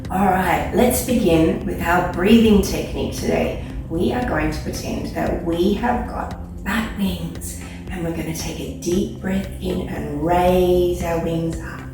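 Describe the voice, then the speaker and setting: A woman leading a children's yoga class, giving gentle, playful, encouraging instructions. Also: on the low side, measured pace, music in the background. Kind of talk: guided kids yoga class. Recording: echoey room, mic far off.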